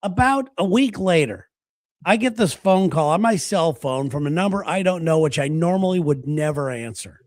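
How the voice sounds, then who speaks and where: Male talk host, high-ish voice, dry close sound, chatty storyteller. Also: animated, normal speed, darkish tone, dry recording. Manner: storytelling, laughs while talking. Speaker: radio show host. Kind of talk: casual chat.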